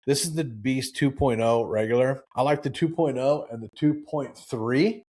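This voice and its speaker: A man in his forties hosting a live talk show, preachy and animated, with lots of restarts and acted-out quotes. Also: medium pitch, moderate pace, husky. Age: 40s. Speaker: show host.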